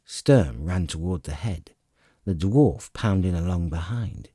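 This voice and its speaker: A man narrating a fantasy audiobook in a dramatic, expressive storytelling manner, recorded close to the mic. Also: deep voice, measured pace, slightly rough, no room sound.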